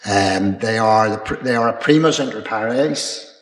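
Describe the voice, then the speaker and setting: An older man, an archbishop, answering questions at a public dialogue in a measured, rambling way, pausing with ums and restarts. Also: lowish voice. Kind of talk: unscripted panel answer. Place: college chapel. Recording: echoey chapel with long reverb.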